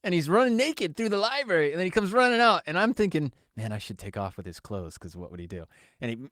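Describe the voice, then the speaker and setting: A man's voice: on the high side, fast talker, dry recording, clean studio sound. A man co-hosting a podcast, telling a story in casual chat and acting out the quoted lines. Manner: animated storyteller, acts out quotes. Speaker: podcast co-host.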